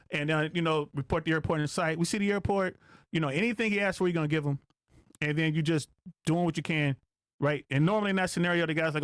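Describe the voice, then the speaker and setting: Fast-talking, profane man telling stories. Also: fairly high pitch, dry recording, clean studio sound. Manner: profane, animated, acts out radio calls. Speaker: podcast guest, air traffic controller. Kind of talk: casual podcast storytelling.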